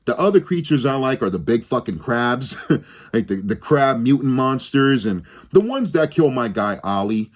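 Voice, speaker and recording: A man's voice: medium pitch, big pitch swings, normal speed. A young man giving a rambling, casual film review on his channel, swearing freely and often restarting his sentences. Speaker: movie review vlogger.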